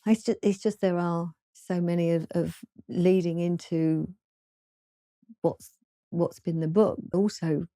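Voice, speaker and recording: A woman from southern England with a southern English accent, a guest author in an interview, speaking hesitantly with many pauses and restarts. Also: fairly low pitch, steady tone, warm tone, no echo, clean studio sound. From southern England, London. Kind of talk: casual interview chat.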